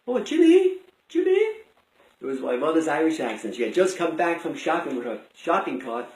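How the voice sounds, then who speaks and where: An older man telling a personal story out loud in a rambling, conversational way with many restarts. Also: a little high, brisk. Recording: roomy echo.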